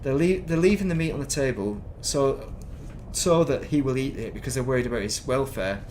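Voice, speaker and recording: A middle-aged northern English man chats loosely while streaming a game, rambling from thought to thought and poking fun at himself. His voice is mid-pitched for a man, darkish, fairly quick and lively in intonation. A faint ambient hum sits beneath it.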